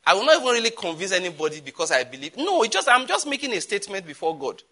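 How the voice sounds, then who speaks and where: A pastor delivers an emphatic, animated sermon. His voice sits a little high for a man and sounds bright and forceful. He repeats words for stress and throws in quick asides.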